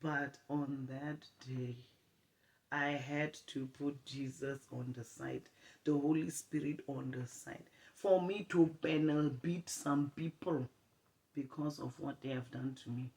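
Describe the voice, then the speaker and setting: A woman telling a personal story to her viewers in an animated storytime vlog, often calling them "guys". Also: very deep voice, takes it slowly, poor audio. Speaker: vlogger.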